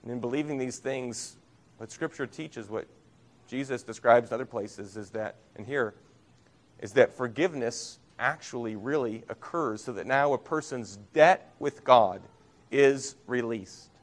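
A man preaching a sermon as a pastor, earnest, rising for emphasis and dropping to soft, low phrases. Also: a little slow.

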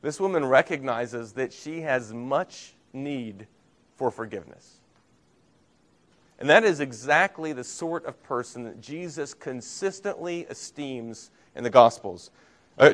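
A male pastor delivers a sermon in a mid-range voice. He preaches earnestly, pressing key words with rising force and then sinking into quiet, low lines. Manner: earnest preaching, rising emphasis and soft drops.

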